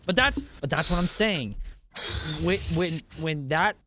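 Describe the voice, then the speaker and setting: A man's voice: a little high, expressive, a little slow, sharp tone, a little hiss or hum. A young man hosting a podcast, talking casually in a rambling, profane way and laughing often. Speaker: podcast host and streamer.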